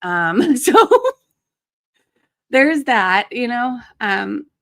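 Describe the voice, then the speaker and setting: A woman's voice: a little high, animated, drawn-out words, vocal fry, fairly bright tone, no echo. Chatty woman streamer, dry close sound. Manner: chatty, greets viewers by name. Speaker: livestream host. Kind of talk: casual chat. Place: home.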